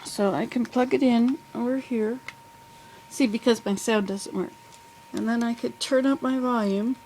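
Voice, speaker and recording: A woman's voice: a little high, fairly even intonation, measured pace, darkish tone, slight background noise, rough recording. An older woman giving a casual, rambling video update from home, often correcting herself. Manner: rambling, friendly, self-correcting. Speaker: vlogger. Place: home in the southern US. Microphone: plug-in computer microphone.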